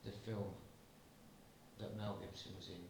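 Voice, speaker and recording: A man improvising a story, slow and deliberate. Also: on the low side, flat delivery, gravelly, noisy background. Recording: roomy, distant amateur recording.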